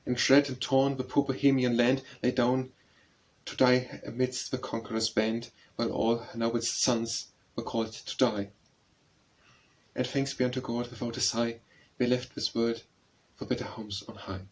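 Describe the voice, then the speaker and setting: A man reading a narrative poem aloud as an audiobook narrator, in a measured, solemn recitation. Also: mid-range voice, flat delivery, a little mellow, poor audio.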